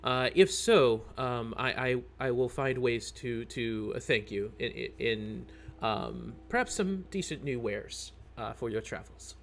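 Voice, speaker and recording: A man voicing a worried, overly polite male shopkeeper in a tabletop game, speaking haltingly. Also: mid-range voice, fairly bright tone, a little hiss or hum. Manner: hesitant, halting, overly courteous.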